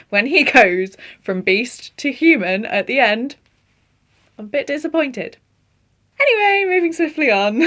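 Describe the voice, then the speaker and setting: A young woman chatting casually about her favourite film performances, gushing and animated, laughing often. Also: mid-range voice. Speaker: film vlogger. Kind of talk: casual film review chat.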